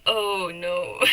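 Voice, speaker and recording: A woman's voice: medium pitch, sharp tone, poor audio. A young woman streaming live, chatting with her viewers, often giggling, teasing and swearing at her chat.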